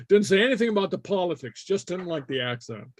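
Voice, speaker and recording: A man teaching an online Gaelic class in a relaxed way, with many fillers and chuckles as he talks. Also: sits high, normal speed, dry recording.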